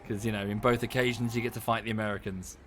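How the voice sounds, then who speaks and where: A man's voice: lowish voice, flat delivery, fast talker, fairly bright tone, a little hiss or hum. A man casually narrating his strategy game on a livestream, thinking aloud and thanking viewers as he plays. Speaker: streamer playing a strategy game. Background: game music.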